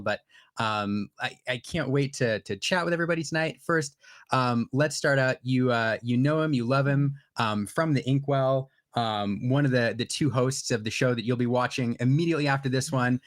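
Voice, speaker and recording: A man's voice: medium pitch, moderate pace. A man co-hosting a casual online show, talking in a rambling way with many fillers and restarts. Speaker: co-host. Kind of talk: casual livestream chat.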